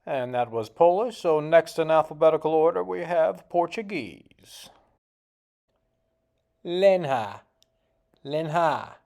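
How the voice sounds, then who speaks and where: A man's voice: on the high side, animated, takes it slowly, vocal fry, long pauses, a little mellow. A man hosting a casual vlog, joking in a folksy way as he sounds out foreign words. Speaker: video host.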